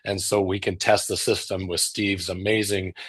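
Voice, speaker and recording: A man's voice: deep voice, level tone, normal speed, fairly bright tone, breathy edge. A man co-hosting a pronunciation lesson, friendly and teasing, explaining things straight to viewers. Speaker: co-host. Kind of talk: casual explanatory chat.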